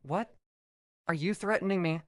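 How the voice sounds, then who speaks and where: A man voicing a hot-tempered sixth-grade boy classmate who is quick to anger and accuses others. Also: high voice, no room sound, clean studio sound, close to an everyday voice. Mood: angry.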